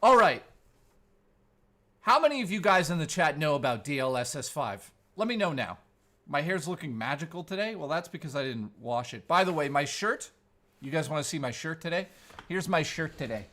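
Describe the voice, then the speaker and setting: A man's voice: on the high side, normal speed. A man hosting a live stream, chatting casually with his viewers and trading crude, playful jokes with them. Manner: crude, joking banter with chat; animated, playful. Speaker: livestream host.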